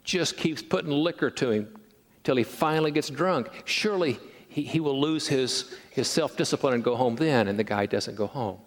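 A middle-aged man preaching a sermon in a church sanctuary, telling stories with animated restarts and repeated words. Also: medium pitch, moderate pace. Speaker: pastor. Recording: long reverb of a large sanctuary.

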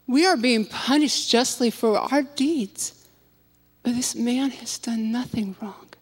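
A woman giving a dramatic scripture reading. She drops to a near whisper on the quiet lines. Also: a little high, slow. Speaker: scripture reader. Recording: long hall reverb.

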